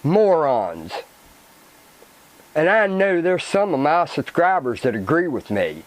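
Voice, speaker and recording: A man vents on his own channel, angry and swearing freely. He talks slowly, and his fairly high voice swings widely as his temper flares. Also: very animated, low-quality recording. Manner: swearing, agitated ranting with repetition. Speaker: channel host. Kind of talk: angry vlog rant.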